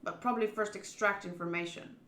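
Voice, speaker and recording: A woman's voice: mid-range voice, steady tone, brisk, sharp tone, echoey room, a little hiss or hum. A woman streaming a visual novel, reading its text aloud and chatting about it between bites of food. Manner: chatty, eats while talking.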